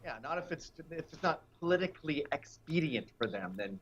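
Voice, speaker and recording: A man's voice: on the high side, sing-song, a little fast, lo-fi sound, a crowd in the background. A man guest on a political talk show, brash and mocking, sometimes putting on silly voices.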